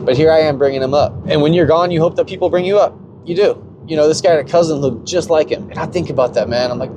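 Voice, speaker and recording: A man's voice: on the high side, quick pace. A young man ranting unscripted about crypto as a YouTuber, rambling, profane and confessional, with vehicle noise behind him. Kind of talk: unscripted rant.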